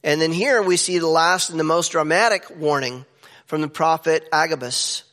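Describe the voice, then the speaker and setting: High-voiced man preaching in an echoey hall. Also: moderate pace. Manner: animated preaching with sudden pitch jumps for emphasis. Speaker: pastor. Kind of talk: sermon. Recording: echoey hall with long reverb.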